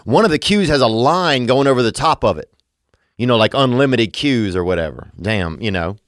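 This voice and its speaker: A man's voice: medium pitch, expressive, moderate pace, no echo, studio quality. A man hosting a podcast, rambling through a comedic monologue full of absurd wordplay and meandering asides. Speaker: podcast host.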